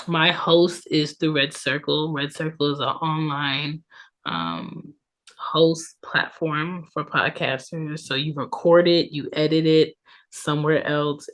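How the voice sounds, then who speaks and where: Chatty congested woman podcaster, slow pace. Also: sits low, a bit bright. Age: 30s. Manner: chatty, tag questions, many ums. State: congested from allergies. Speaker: podcast host. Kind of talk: casual solo podcast talk.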